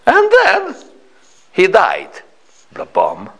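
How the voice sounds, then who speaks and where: A man's voice: high voice, huge pitch swings, very slow, a bit bright, breathy edge, voice pushed up, heavily acted. A man voicing a frail grandmother in her nineties, an immigrant with a thick Ukrainian accent and broken English, blunt and wry. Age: 90s. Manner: plain-spoken, dry.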